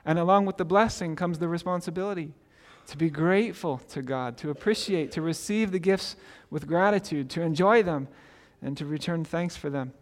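A man's voice: fairly high pitch, normal speed, hardly any pauses, long reverb tail. A male pastor preaching a sermon in a conversational way, often asking "right?" and restarting words.

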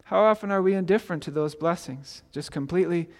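A man's voice: sits high, quick pace, in a large hall. A male pastor preaching a sermon in a conversational way, often asking "right?" and restarting words.

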